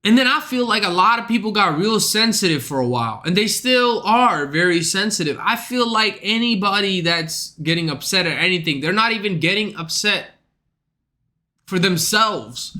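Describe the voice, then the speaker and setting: A man's voice: high voice, expressive, moderate pace, sharp tone. A man streaming live and ranting to his chat in a casual, profane and exasperated way.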